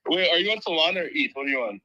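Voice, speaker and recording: A man's voice: on the high side, lively intonation, rapid-fire, sharp tone. A man hosting a casual crypto chat, laid-back and teasing his guests. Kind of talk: casual live audio chat. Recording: dull, lo-fi audio.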